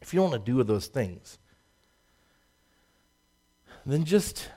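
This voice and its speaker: A man preaching a sermon, swinging from loud emphatic rises to low asides and laughing at his own jokes. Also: very animated, slow, pauses often, slightly rough. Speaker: pastor.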